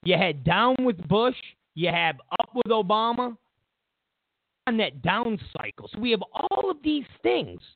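A political commentary host delivers an emphatic, mocking monologue in a high, gravelly voice at a measured pace. He's animated and throws in mocking asides. The audio is dry and tinny, like a phone line.

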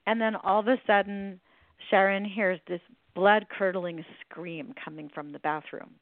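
A woman hosts a podcast and tells funny stories in an animated, chatty way, laughing along with her own punchlines. Her voice comes through narrow and phone-like. The sound is dry and close. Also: medium pitch, a little slow, no room sound. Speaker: podcast host.

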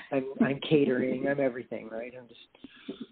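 A man being interviewed as a guest musician, talking earnestly in a rambling way with frequent restarts. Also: mid-range voice. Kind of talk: casual interview chat. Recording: tinny phone-like call audio.

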